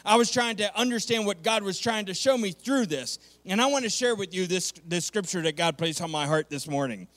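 High-voiced pastor preaching with emphasis. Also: male voice, lively intonation, brisk, few pauses, fairly bright tone. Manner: emphatic, repeats key points for effect; conversational preaching with frequent "okay". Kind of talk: sermon.

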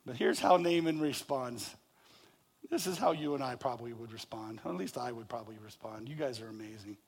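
A man preaching a sermon, animated and jokey, acting out people's reactions and asking his congregation questions. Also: mid-range voice, fairly quick, slightly rough. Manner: animated, acts out reactions with rising and falling loudness. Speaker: pastor.

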